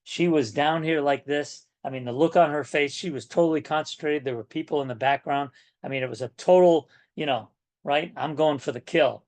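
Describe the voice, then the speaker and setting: A man's voice: on the high side, fairly quick, a little mellow. A man in his sixties coaching real estate agents on a video call, folksy and emphatic, often checking in with "right?". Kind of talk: coaching session talk.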